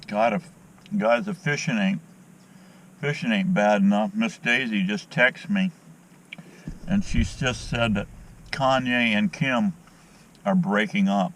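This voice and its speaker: A man's voice: fairly low pitch, lively intonation, takes it slowly, long pauses, a bit bright, a little hiss or hum, poor audio. A middle-aged man chatting in a folksy, rambling way while fishing outdoors on a dock, talking to the camera on a handheld phone. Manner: folksy, rambling, opinionated, many fillers. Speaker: fishing vlogger. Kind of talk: casual rambling vlog chat.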